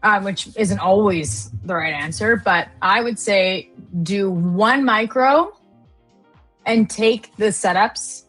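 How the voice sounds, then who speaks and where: A woman explains her trading approach in a loose, conversational way, now and then slipping in a joke. Her pitch is middling for a woman. Faint music plays under her voice. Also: slow, a bit bright, poor audio. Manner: casual, joking, explanatory. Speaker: trading stream co-host. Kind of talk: live-stream trading chat.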